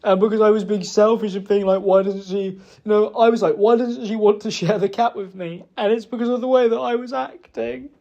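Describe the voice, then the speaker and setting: A man making a halting, remorseful apology in a private recording, with many pauses and restarts. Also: sits high, steady tone, vocal fry, dark tone. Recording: dull lo-fi recording.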